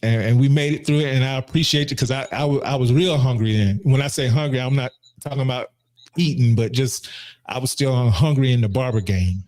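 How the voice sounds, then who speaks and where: A man's voice: mid-range voice, a little fast, darkish tone. A man hosting a casual podcast, talking earnestly and often repeating and restarting his words. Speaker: podcast host and barber. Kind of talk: casual heartfelt conversation.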